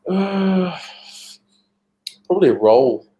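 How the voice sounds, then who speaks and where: A man's voice: high-pitched, animated, drawn-out words, narrow, tinny audio. A man from England chatting easily as a guest on a livestream, joking about himself. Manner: easygoing, self-deprecating. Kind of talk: casual chat.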